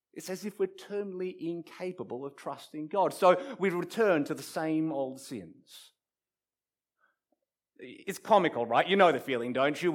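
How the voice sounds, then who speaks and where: A man preaching a sermon, telling stories dramatically and building up repeated phrases, shifting from quiet to loud. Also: fairly high pitch. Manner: dramatic storytelling with wide swings from soft to loud; repetitive rhetorical build-ups.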